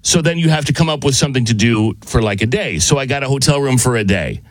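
A man's voice: medium pitch, expressive, quick pace, dry recording. A man telling a funny, self-deprecating travel story in casual chat with friends.

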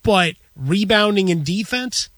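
A man's voice: high voice, expressive, a little slow, fairly bright tone, dry recording. A male sports radio co-host with a slightly raised voice who talks with wry, matter-of-fact ease. The sound is dry and close to the mic. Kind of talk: casual radio banter. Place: radio studio. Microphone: studio microphone.

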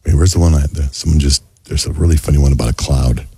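A man's voice: very deep voice, quick pace, dark tone, husky, no echo. A man hosting a radio show in a casual, playful way, reading listener texts aloud. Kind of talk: casual morning show banter.

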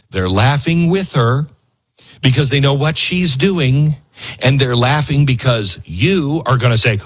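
A middle-aged man hosts a political talk show, talking in an opinionated monologue. His voice is a bit husky and sits fairly high for a man, swinging widely in pitch as he laughs and mocks. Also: unhurried. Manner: animated, laughing, mocking asides. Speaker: political commentary show host.

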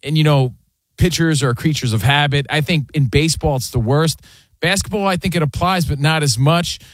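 A man hosting a sports talk radio show, talking fast and animated, throwing in casual asides like "man" and "dude". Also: on the high side, dry recording. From US East Coast. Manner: animated, rapid, says man and dude a lot. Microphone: studio microphone.

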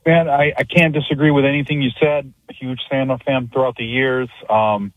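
Guy calling into radio, flat voice, tinny phone line. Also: mid-range voice, normal speed, no room sound. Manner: chatty fan, laughs while retelling. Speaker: radio caller. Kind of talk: phone-in chat.

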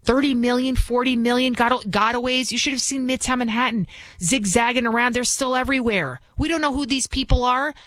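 A woman's voice: fairly high pitch, a little fast, a bit bright, no room sound. Combative woman talk radio host. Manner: combative, scornful, rambling with restarts. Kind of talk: opinionated talk radio monologue.

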